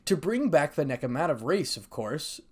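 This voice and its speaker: A man's voice: on the high side, very animated, moderate pace, slightly rough. Man doing a teasing cat-girl devil. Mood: playful.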